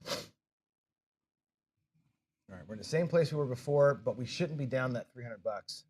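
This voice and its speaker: A man's voice: mid-range voice, expressive, moderate pace, a little mellow, slight background noise. Exasperated man swearing at his own mistakes. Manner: swears and scolds himself over mistakes; frustrated, self-deprecating. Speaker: craps show host. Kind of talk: live casual chat while playing.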